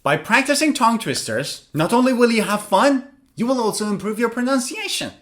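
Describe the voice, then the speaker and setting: A man teaching English pronunciation in an online lesson, explaining clearly and sounding out words slowly to demonstrate. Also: very high voice, lively intonation, fairly bright tone.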